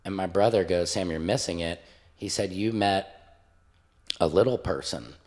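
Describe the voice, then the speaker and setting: A man's voice: low-pitched, moderate pace. A middle-aged man hosting a podcast, telling stories in a casual, joking way with frequent swearing. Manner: animated storyteller, jokes and swears freely. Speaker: podcast host. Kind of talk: casual storytelling chat.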